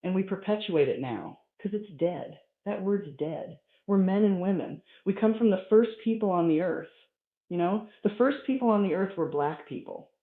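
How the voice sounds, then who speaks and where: A man's voice: high voice, normal speed. Guy doing stand-up, cussing a lot, voice all over the place, tinny roomy recording. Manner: profane, animated storytelling. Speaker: stand-up comedian. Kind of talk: stand-up routine.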